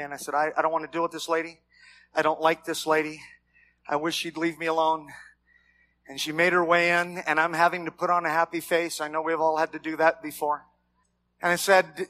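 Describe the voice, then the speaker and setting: A man preaching a sermon as pastor, animated, with shouted peaks and dry humor. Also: fairly high pitch. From Mexican heritage, raised among white Americans.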